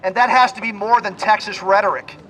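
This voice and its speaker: A man's voice: high-pitched, fairly even intonation, brisk, a bit bright, a faint crowd, rough recording. A man delivering a formal, declamatory prepared speech outdoors at a rally. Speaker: rally speaker.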